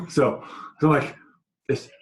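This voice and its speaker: A man narrating a tabletop game as game master, halting with many fillers. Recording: roomy echo.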